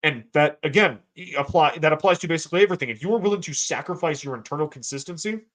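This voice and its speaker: A man's voice: on the high side, quick pace, fairly bright tone, low-quality recording. A young man from the United States hosting a livestream, rambling casually, swearing and bantering with his chat. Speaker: streamer host.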